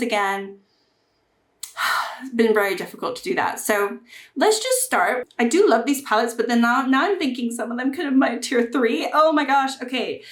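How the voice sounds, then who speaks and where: A woman's voice: fairly high pitch, reverberant. A woman reviewing and ranking makeup palettes in a casual chat to camera, chatty and prone to gushing. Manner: chatty, gushing, bursts of excitement. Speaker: beauty YouTuber.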